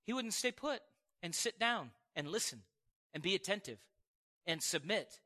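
A man in his forties delivers a sermon to a church congregation. His voice sits high and rings very bright and sharp. He tells stories with lively swings and quick acted-out quotes. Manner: animated, storytelling with acted-out quotes and chuckles. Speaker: preacher. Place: church service before a congregation.

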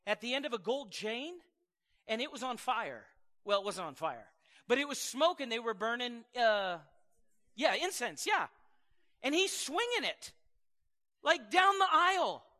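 A man preaching a sermon as pastor, telling stories in a chatty way with laughing asides. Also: high voice. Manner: conversational, laughing asides, animated storytelling. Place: church sanctuary. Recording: reverberant church hall.

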